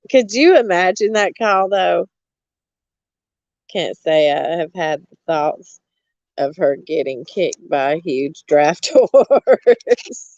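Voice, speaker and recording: A woman's voice: lowish voice, expressive, slow pace, pauses often, a little mellow, dry recording, highs cut off. A woman, a vlogger gossiping in a blunt, mocking way, often laughing and cursing. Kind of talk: casual gossip chat.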